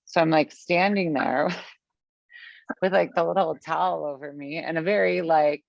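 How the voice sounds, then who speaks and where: Creaky woman telling a story. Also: deep voice, a little slow, no echo. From US Midwest. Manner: animated, chatty, filler-heavy, acts out her own past lines. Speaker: podcast guest, business founder. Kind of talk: storytelling in conversation. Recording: dull, lo-fi, dry sound.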